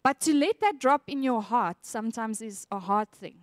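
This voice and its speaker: A woman's voice: on the high side, lively intonation, moderate pace, dry recording, studio quality. A woman preaching a sermon, earnest and reflective, reading scripture aloud with feeling.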